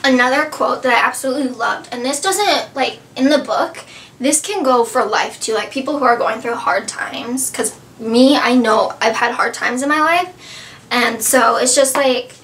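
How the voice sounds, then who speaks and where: A young woman with a high, bright-sounding pitch chats about a novel she loved. She gushes and rambles, stringing thoughts together with "like" after "like" in a casual vlog review. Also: moderate pace, a little hiss or hum. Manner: gushing, filler-heavy with many "like"s. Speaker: book reviewer. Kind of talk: casual book review chat.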